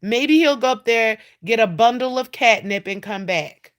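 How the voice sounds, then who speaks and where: A woman hosting a casual livestream from home, animated, blunt and profane as she talks straight to her viewers. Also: on the high side, normal speed. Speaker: livestream host. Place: at home indoors.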